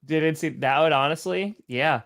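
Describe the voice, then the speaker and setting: A man's voice: fairly high pitch, moderate pace, fairly bright tone. A man co-hosting a casual sports podcast, laughing often and trailing off into restarts. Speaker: podcast co-host.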